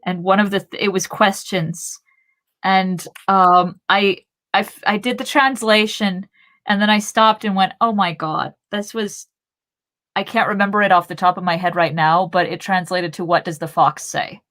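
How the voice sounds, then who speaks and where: A woman's voice: medium pitch, steady tone, moderate pace, a bit bright. A woman co-hosting a podcast in casual chat, wry and chatty. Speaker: podcast co-host.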